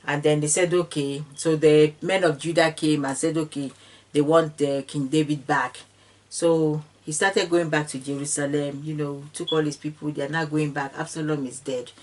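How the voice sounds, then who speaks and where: A woman's voice: low-pitched, steady tone, moderate pace, darkish tone, a little hiss or hum. A woman retelling a Bible story in an informal way, with fillers and restarts, slipping into the characters' speech. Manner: slips into the characters' speech when quoting. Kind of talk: casual retelling of scripture.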